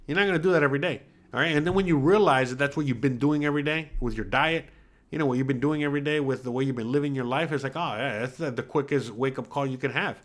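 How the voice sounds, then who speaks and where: Talking very fast in a fairly high voice, this US podcast host in his forties reads out chat comments on a laid-back livestream. He swears a lot, speaks bluntly, and keeps tossing in animated tags such as "all right?"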